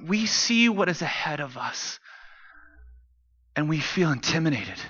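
A man preaching from the stage in a high, very bright, ringing voice. His delivery is conversational and easygoing, with joking asides to the room. The sound is a stage mic. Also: sing-song, a little slow, breathy edge, highs cut off. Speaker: pastor. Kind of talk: sermon.

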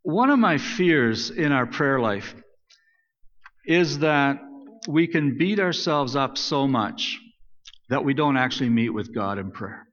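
A man's voice: medium pitch, expressive, slow, a bit bright. A man preaching a sermon as pastor, speaking conversationally and reading scripture aloud, often restarting his phrases. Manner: conversational, self-correcting, reads scripture aloud. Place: church sanctuary. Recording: dull sound with long church reverb.

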